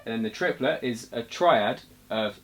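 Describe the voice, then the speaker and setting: A man gives a casual jazz guitar lesson, his voice sitting at an ordinary middle pitch. He talks through notes and counts beats aloud in an unhurried way. A guitar plays loudly underneath him. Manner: relaxed, explains while playing, counts beats aloud. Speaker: guitar teacher. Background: guitar playing.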